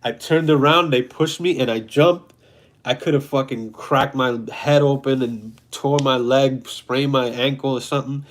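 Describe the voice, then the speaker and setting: A man's voice: medium pitch, measured pace. Blunt New guy in his thirties, swears freely, casual storytelling monologue, mid-range voice. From New York City. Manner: blunt, profane, animated storytelling. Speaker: host.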